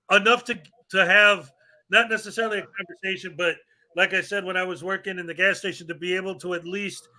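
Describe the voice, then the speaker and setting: A man's voice: high-pitched, pushed and bright. A man hosting a casual live stream, joking around and laughing often. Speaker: livestream host.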